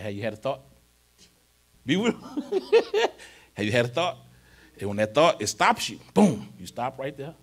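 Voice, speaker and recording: Informal preacher checking in with congregation. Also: male voice, mid-range voice. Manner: rises to emphatic, louder delivery when reading scripture. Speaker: pastor. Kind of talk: conversational sermon. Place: church.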